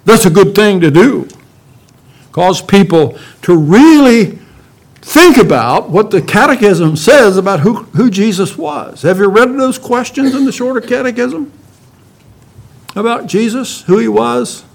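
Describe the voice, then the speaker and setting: Guy preaching a sermon, slowish and emphatic, kinda higher voice, lots of questions to the room. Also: expressive, vocal fry. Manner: emphatic, rhetorical questions, slow deliberate delivery. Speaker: pastor.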